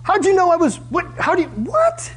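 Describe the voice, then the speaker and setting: A man's voice: extremely high pitch, huge pitch swings, a little fast, voice pushed up, full character voice. A man voicing flustered religious scholars who stammer when caught off guard.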